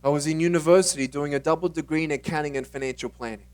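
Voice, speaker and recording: A man with a notably high voice is giving a motivational keynote at a conference. He tells his story in an animated way and acts out the dialogue as he goes. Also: racing, smooth, distant mic. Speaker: motivational speaker. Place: conference stage.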